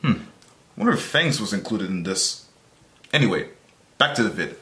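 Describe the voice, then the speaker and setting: A man hosting a video reaction, commenting casually and getting excitable and loud over the clips he watches. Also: on the low side, moderate pace. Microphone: camera mic at desk. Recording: echoey room with loud music behind.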